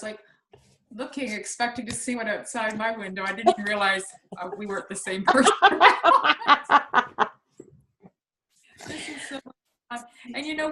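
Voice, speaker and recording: A woman's voice: a little high, fairly bright tone. Earnest woman on an echoey call. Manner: earnest, searching, repeats words. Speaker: spiritual talk co-host. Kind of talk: casual spiritual chat.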